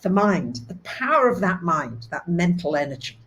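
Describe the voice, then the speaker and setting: A woman hosting a live astrology talk, speaking, reading out viewers' comments and dropping soft and low for calm affirmations. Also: normal speed, low-quality recording. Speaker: astrology host.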